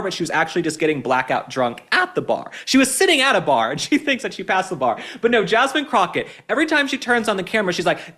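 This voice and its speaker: A male commentary host from Texas in an indignant, mocking rant. His voice runs high and leaps about in pitch, and he keeps the delivery lively and sarcastic. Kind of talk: political commentary.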